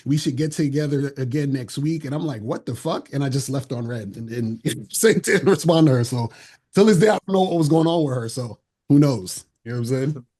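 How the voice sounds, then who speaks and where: A man, a dating coach, telling an animated story in street slang with plenty of swearing. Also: medium pitch, a little fast. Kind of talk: casual storytelling on a panel.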